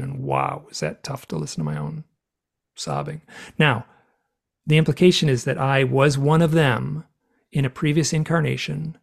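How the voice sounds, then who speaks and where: A man, a guest author in an interview, tells a personal story with animated energy, acting out the dialogue as he goes. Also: a little high, gravelly, slightly rough. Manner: animated, acts out dialogue while retelling events.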